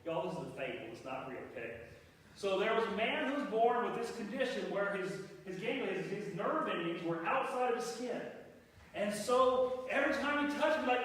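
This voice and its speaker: A man's voice: sits high, big pitch swings, a little fast, fairly bright tone. A pastor in his forties giving a folksy, playful storytelling sermon in a church. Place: church sanctuary. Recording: echoey hall, mic far off.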